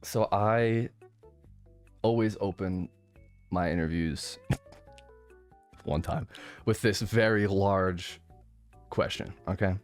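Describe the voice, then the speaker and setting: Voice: low-pitched, slow, long pauses, soft background music. Giggly livestream interview host. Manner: giggly, enthusiastic, laughs often. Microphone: headphones with desk mic.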